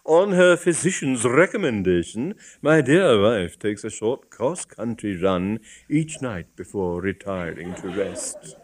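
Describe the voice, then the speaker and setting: A stiff, pompous old bishop with a stately, lofty way of speaking, as a man reads him in a storybook. The voice sits fairly low and carries firmly. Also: animated, a little slow, hardly any pauses. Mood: frigid. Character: pompous older male bishop, stiff and haughty.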